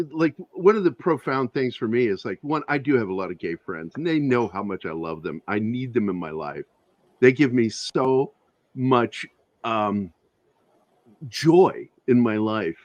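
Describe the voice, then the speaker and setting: Man, interview guest, lively swooping voice, dry close sound, profane anecdotes, laughs often. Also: lowish voice, no echo, highs cut off. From Virginia, USA. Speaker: interview guest, comic creator. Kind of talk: casual storytelling.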